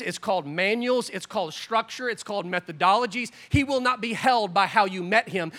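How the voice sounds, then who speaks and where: A man in his forties preaching a sermon as pastor, animated and joking, with sudden loud bursts. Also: high-pitched.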